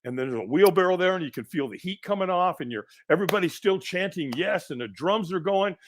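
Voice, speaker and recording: A middle-aged man speaks as a guest on a podcast, recounting a personal story. He tells it with animation and slips into the voices of the people he describes. His voice sits a little high and swoops widely up and down. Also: quick pace, a little hiss or hum. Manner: animated storyteller who acts out quoted voices.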